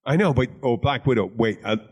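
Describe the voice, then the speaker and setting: Profane, animated Philadelphia man. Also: medium pitch, brisk. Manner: swears freely, animated storytelling. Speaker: podcast host. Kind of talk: casual chat.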